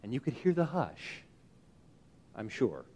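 A man preaching a sermon, emphatic and animated, often asking his listeners rhetorical questions. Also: mid-range voice, measured pace, slightly rough. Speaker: pastor.

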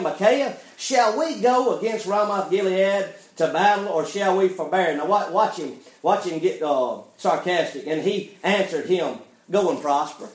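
A preacher with a high, ringing voice delivers a fiery sermon. He keeps turning to the congregation with "friend" and quick questions, and his voice echoes through the church. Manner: preaching with call-and-response, repeats "friend" and "why?". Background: congregation calling amen.

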